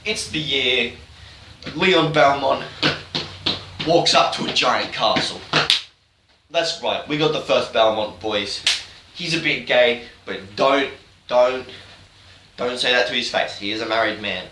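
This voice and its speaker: A man recaps a game's story in a rambling, irreverent, deadpan manner. His voice is bright and a bit forceful. He sits off-mic in an echoey room, with faint hiss underneath. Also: medium pitch, unhurried, long pauses, recorded from a distance. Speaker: YouTuber. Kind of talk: comedic game-story recap.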